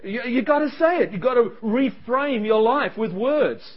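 A man preaching a sermon as pastor, animated, acting out quoted voices with quick asides. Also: extremely high pitch. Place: church service. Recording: dull lo-fi sound.

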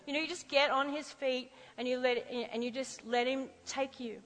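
A woman preacher telling personal stories in a lively sermon, acting out the voices she quotes. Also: high-pitched, normal speed, in a large hall, low-quality recording.

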